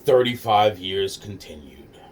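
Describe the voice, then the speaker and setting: Man, lowish voice, calm storyteller, swears a lot, restarts sentences constantly. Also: unhurried. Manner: rambling, profane, frequent restarts and stammers; calm, low-key delivery. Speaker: storyteller recounting a personal ordeal. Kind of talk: casual spoken recollection.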